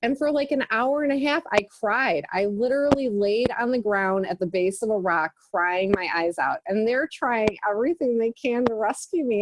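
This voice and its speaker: Woman telling a story on a call, laughs a lot, slightly high voice, noisy audio. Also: moderate pace. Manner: animated, laughs often while telling stories. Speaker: book study participant. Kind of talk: casual storytelling on a group call.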